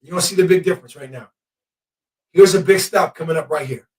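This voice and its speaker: A man with a high voice calls a game live, excitable and quick to yell at the officials. He sounds set back from the mic in an echoey room. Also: distant mic. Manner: excitable, shouts at the refs and players. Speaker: podcast host. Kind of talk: live game-watching commentary.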